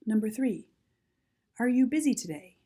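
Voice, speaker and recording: A woman teaching a recorded Chinese grammar lesson, reading model sentences slowly and carefully for learners. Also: a little high, lively intonation, warm tone, breathy edge.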